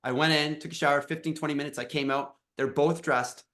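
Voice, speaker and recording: Emotional dad telling a halting story. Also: male voice, fairly high pitch, steady tone, a bit bright. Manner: emotional, halting, with many restarts. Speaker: dad coach. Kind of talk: personal storytelling in a podcast chat.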